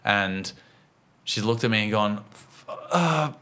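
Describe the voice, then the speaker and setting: An Australian man co-hosting a podcast, telling a story in an animated, tumbling way. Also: on the low side, moderate pace. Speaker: podcast co-host. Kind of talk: casual chat, storytelling.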